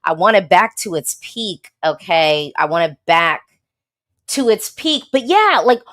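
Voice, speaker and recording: Sassy chatty woman blogger, lowish voice. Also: big pitch swings, a little slow, a bit bright. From United States. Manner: chatty, sassy, frequent laughs and emphatic repeats. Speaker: Eurovision blogger, host. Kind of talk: casual livestream chat reading viewer comments.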